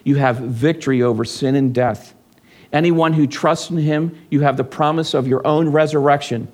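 A man's voice: fairly high pitch, steady tone, moderate pace, darkish tone. A man preaching a sermon as pastor, emphatic, asking the congregation questions and answering them. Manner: emphatic, rises and falls with call-and-response questions.

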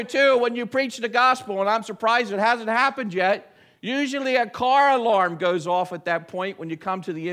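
Man, pastor, high voice, sermon, emphatic, church. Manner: emphatic, rising to loud stressed lines. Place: church sanctuary.

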